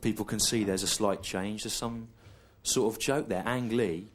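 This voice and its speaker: A male stand-up comic with a lowish voice tells a long story slowly, deadpan and repetitive, as the audience laughs.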